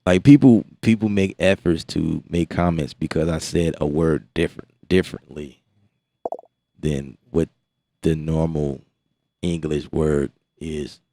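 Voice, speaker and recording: An American man hosting a beat-making livestream, chatting casually in an animated, exasperated way and often repeating his words. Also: very deep voice, measured pace. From United States.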